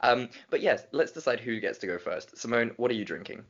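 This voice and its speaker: A young man co-hosting a podcast in casual chat, animated and rambling with jokes, talking from a small spare office cupboard. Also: medium pitch, brisk. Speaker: podcast co-host. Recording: dull lo-fi sound.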